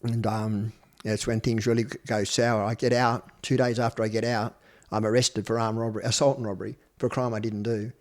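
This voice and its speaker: A man's voice: lowish voice, level tone, fairly quick, a little mellow. A man in his fifties with an Australian accent, a podcast guest telling his own story bluntly, swearing freely. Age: 50s. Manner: blunt, swears freely, acts out quoted speech. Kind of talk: personal storytelling interview.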